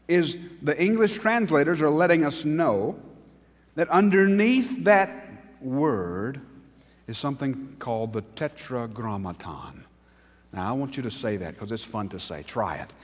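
A man preaching a sermon as pastor, with dramatic pauses, sudden swings in volume and emphatic peaks, speaking straight to his congregation. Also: a little high, animated. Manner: speaks directly to the congregation, asking them to repeat words. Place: church sanctuary. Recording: long reverb from a large hall.

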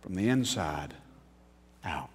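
A man preaching a sermon as pastor, with dramatic pauses, sudden swings in volume and emphatic peaks, speaking straight to his congregation. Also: low voice, lively intonation. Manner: speaks directly to the congregation, asking them to repeat words. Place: church sanctuary. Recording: long reverb from a large hall.

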